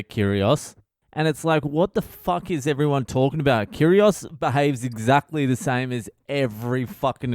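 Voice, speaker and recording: A man's voice: mid-range voice, darkish tone, smooth, no room sound, clean studio sound. Profane ranting Australian man. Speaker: comedian and podcast host. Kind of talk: casual podcast monologue.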